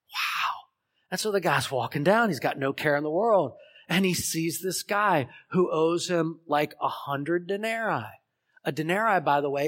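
Man, pastor, sermon, storytelling, slightly high voice, questions the congregation. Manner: storytelling, acts out parable voices with big swings from shouts to hushed tones.

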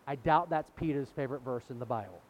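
A man's voice: mid-range voice, quick pace, background noise. A middle-aged man preaching a sermon in a conversational way, retelling scripture and acting out the quotes. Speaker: pastor.

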